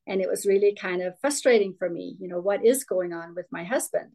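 A woman's voice: lowish voice, a little fast, vocal fry, dark tone, rough recording. A middle-aged woman from Denmark, a guest telling her life story in an interview, candid and rambling with restarts. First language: Danish.

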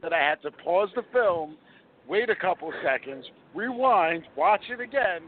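A man's voice: high-pitched, expressive, normal speed. A man co-hosting a casual movie review chat, swearing and stressing his points by repeating them. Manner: emphatic, profane, repeats points for effect. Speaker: podcast co-host. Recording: tinny phone-like line, faint hiss.

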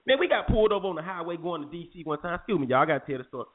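A quick, high-voiced man with a drawl tells a story in lively, slangy talk. The sound is thin and tinny, like a phone line. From North Carolina. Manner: animated, slangy, jumps into impressions of police. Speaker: podcast host. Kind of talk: casual chat, storytelling.

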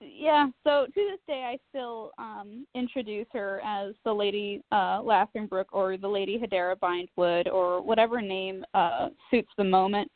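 A woman telling a story in casual chat, animated and self-mocking, swearing freely. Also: mid-range voice, normal speed, hardly any pauses, no echo. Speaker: podcast co-host. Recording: tinny phone-like line.

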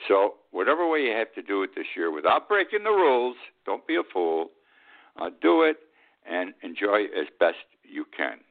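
A man's voice: lowish voice, normal speed, creaky. Blunt, indignant male radio host, tinny sound. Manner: blunt, indignant, animated commentary. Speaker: radio talk show host. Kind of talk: opinion monologue.

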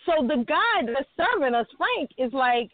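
A woman's voice: sits high, measured pace, no room sound. A woman co-hosting a radio chat show, telling a story with lots of laughter and some swearing. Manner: animated, laughing, profane storyteller. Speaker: co-host. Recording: dry phone-like sound.

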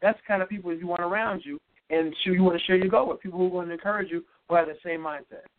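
A man's voice: high-pitched, steady tone, quick pace. A man hosting a motivational radio talk, preachy, calling listeners "folks" and asking "guess what". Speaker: radio host. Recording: tinny phone-line radio audio.

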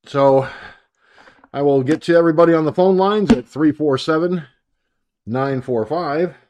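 A man's voice: fairly high pitch, a little slow, a little mellow, a little hiss or hum. Breathless rambling man hosting a call-in show. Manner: rambling, self-talking, scrambling. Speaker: radio show host. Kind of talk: casual call-in show chat.

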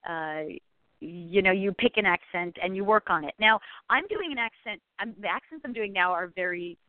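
A woman's voice: mid-range voice, normal speed, no echo. Woman, actress guest, chatty, phone-line sound, dry. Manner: chatty, lots of fillers and restarts. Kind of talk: call-in interview chat.

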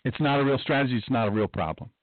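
Speaking very quickly in a mid-range voice, a man runs a talk radio monologue as a podcast host, hammering his points and wandering off on tangents while repeating himself. The audio has no room sound and a tinny, phone-style dryness.

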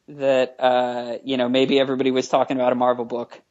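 A man's voice: mid-range voice, a little fast, few pauses, a little mellow, lo-fi sound. A man, a comic book writer, talking as a guest in a casual podcast interview, stopping and restarting often and joking with dry sarcasm.

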